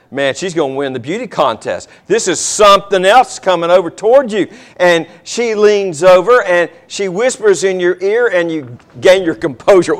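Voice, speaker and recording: Guy preaching, storyteller style, acts out the people, kinda high voice. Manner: dramatic storytelling, acting out characters. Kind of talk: sermon.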